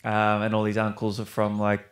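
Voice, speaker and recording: A young actor's fairly low voice comes across completely flat at a moderate pace. He's a podcast guest in a casual interview, rambling, restarting a lot, and swearing mildly.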